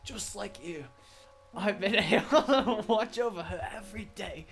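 A man's voice: high voice, unhurried, fairly bright tone, faint music behind, pitched above the performer's own voice. A man voicing an old wise man in a vaguely Scottish accent, reading game dialogue aloud with a wavering, strained delivery. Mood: wistful. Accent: put-on Scottish.

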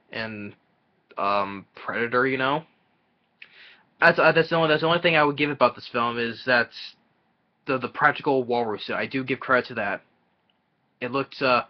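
Rambling man reviewing films, lo-fi. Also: medium pitch. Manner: rambling, halting, many restarts. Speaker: film reviewer. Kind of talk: casual spoken film review. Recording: dull lo-fi audio.

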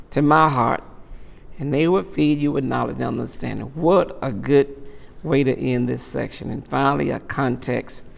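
A middle-aged pastor with a medium-pitched voice and vocal fry teaches a Bible study emphatically. He repeats his words and swells to impassioned peaks, recorded with the long reverb of a large hall.

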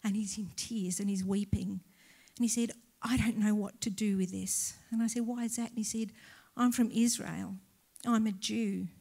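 Aussie lady pastor, middle-aged, telling a church story live, acts out all the back-and-forth, mid-pitched, laughs a lot. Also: moderate pace, gravelly, hardly any pauses. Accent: Australian. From Australia. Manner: animated storyteller, acts out dialogue, laughs often.

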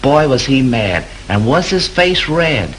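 Playing a talkative hotel bellhop on the night shift, an actor in a 1930s picture spins a gossipy, slang-filled tale of a fight. The medium-pitched delivery swings widely in pitch at a measured pace with a fairly bright tone, over a rough recording with a little hiss or hum.

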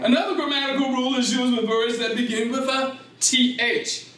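An older man giving a lively, interactive lecture in a library room. He talks slowly and deliberately, laughs often, and quizzes his audience. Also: very high voice. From Gullah Geechee community, South Carolina. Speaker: speaker. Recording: echoey room, from far off.

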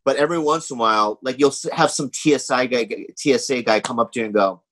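A man rambles through his stories in easygoing podcast talk, stopping and restarting and leaning on fillers. He slips into other people's voices as he tells it. His voice sits at an ordinary middle pitch, and the sound is dry and close with no room around it. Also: quick pace, fairly bright tone, no echo, rough recording. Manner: rambling storytelling with many fillers. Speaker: podcast guest, comedian. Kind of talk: casual chat.

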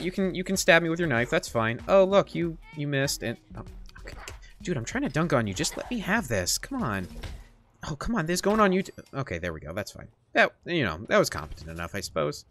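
A man's voice: mid-range voice, fairly bright tone. A man hosting a gaming channel, giving playful, joking gameplay commentary in a chatty way.

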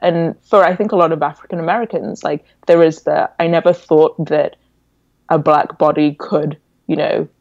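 A woman in her twenties with an English accent, raised in England after a Nigerian birth, telling stories as a podcast guest in an animated, reflective way. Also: deep voice, moderate pace, no room sound. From born in Nigeria, raised in England. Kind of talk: casual interview chat. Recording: dull, dry lo-fi audio.

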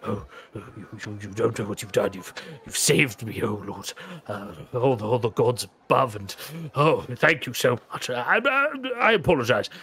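A man's voice: on the high side, wildly swooping pitch, moderate pace, sharp tone, full character voice. A man voicing a flustered older male servant of a noble house, who stammers and fusses as he speaks. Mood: fretful. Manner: stammering, fretful, profusely grateful.

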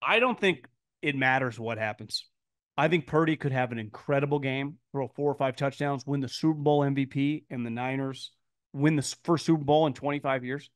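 A man's voice: fairly quick, no room sound, studio quality. A man hosting a podcast, answering listener mail in blunt, emphatic, opinionated casual commentary, often restarting words. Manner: blunt, emphatic, mocking quoted voices in a high pitch; frequent restarts and stammered repeats.

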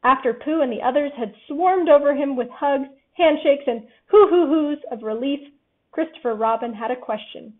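Woman storybook narrator, high and lively, tinny phone-like audio. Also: normal speed. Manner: lively, expressive reading. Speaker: storybook reader.

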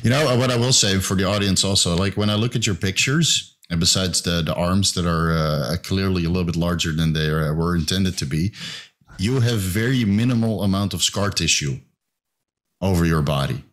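A man's voice: deep voice, moderate pace, fairly bright tone. A man co-hosting a casual podcast chat, asking technical questions in a hesitant way with many fillers. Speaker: podcast co-host.

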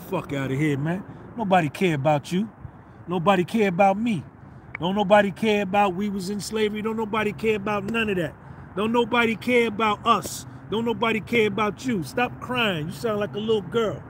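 High-voiced guy ranting on his podcast, blunt and in your face, faint traffic noise outside. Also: moderate pace. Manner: blunt, confrontational, slangy. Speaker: podcast host. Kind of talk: ranting monologue.

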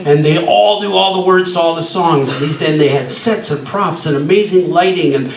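An older man from Canada telling a lively story at an event, laughing and acting out the people he quotes. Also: a little high, normal speed, crowd noise. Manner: animated, laughing, acts out quoted voices. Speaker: guest speaker telling a story. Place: music club, indoors. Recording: echoey club from far off.

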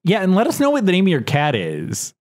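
Young male podcast co-host, casual, rambling, slightly high and animated. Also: brisk. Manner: rambling, many restarts and fillers. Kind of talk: casual chat.

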